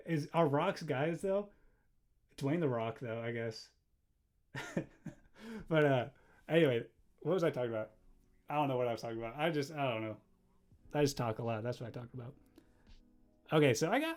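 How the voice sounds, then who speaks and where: A young man chatting casually on a livestream while he draws, rambling and easily distracted, laughing often and bursting into loud excited exclamations. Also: medium pitch, moderate pace, long pauses, faint music behind. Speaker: livestreaming animator.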